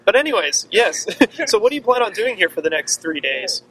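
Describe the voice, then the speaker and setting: Bright-voiced hesitant interviewer outdoors. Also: male voice, sits high, big pitch swings, fairly quick. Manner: hesitant, lots of fillers and laughs. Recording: noisy outdoor recording from a distance.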